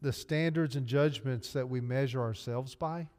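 Earnest preacher in a reverberant church. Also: male voice, medium pitch, moderate pace, darkish tone. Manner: earnest, emotional storytelling preacher. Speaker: pastor. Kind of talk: sermon. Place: church sanctuary. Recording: long reverb of a church hall.

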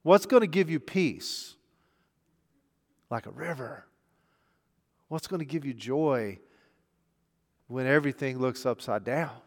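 A man preaching a sermon. He asks rhetorical questions and swings between hushed, intimate passages and emphatic, raised ones. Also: medium pitch, takes it slowly, pauses often. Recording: long hall reverb.

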